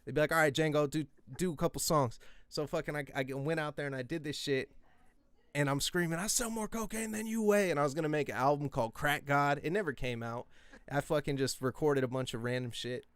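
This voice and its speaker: A man in his twenties telling rambling, profane stories in casual podcast chat, breaking into yelled quotes. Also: on the high side, brisk, clean tone, no room sound. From US West Coast. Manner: rambling, profane, animated, yelling out quoted lines.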